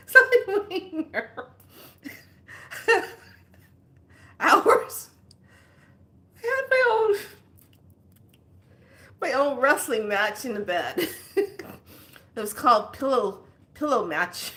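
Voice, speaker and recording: A woman's voice: sits high, very slow, long pauses. Woman in her fifties, chatty healer type, tells stories with lots of laughs and acted-out voices. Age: 50s. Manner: animated, laughing often, acting out quoted voices. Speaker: spiritual healer. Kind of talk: casual storytelling.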